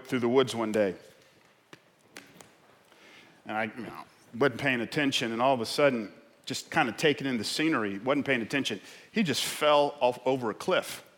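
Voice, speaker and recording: A male pastor delivering an impassioned sermon in a church, swinging from quiet reflection to loud, shouted exhortation. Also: medium pitch. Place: church sanctuary in San Francisco. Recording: long hall reverb in a church.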